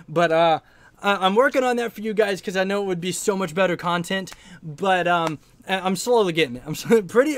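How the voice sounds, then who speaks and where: A man's voice: high-pitched, no echo. A man in his thirties hosting a casual livestream, reading out chat and telling stories with frequent laughs and fillers. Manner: animated storyteller, laughs often, many fillers.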